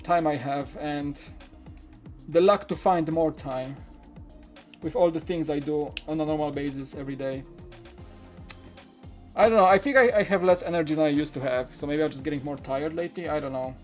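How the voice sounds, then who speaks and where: A man's voice: on the high side, moderate pace, pauses often, a little mellow, faint music behind. A man hosting a toy-building live stream, chatting casually and candidly while answering viewer questions in a rambling way. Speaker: Lego channel host.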